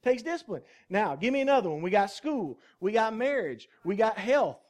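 A man's voice: high-pitched, big pitch swings, a little fast. A male pastor preaching a sermon in a folksy, joking way, often asking the congregation questions. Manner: folksy, jokey and conversational, asks the congregation questions.

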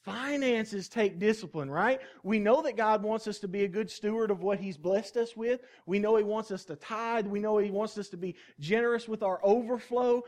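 Folksy preacher guy, kinda high voice, jokes around and quizzes the crowd. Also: darkish tone. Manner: folksy, jokey and conversational, asks the congregation questions. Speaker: pastor. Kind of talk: sermon.

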